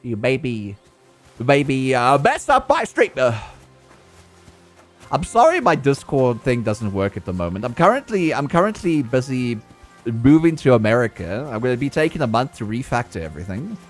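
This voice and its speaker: A man streaming a video game, chatting casually and playfully, using baby talk for animals and breaking into sudden high outbursts. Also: big pitch swings, normal speed, faint music behind. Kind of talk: casual live-stream gameplay commentary.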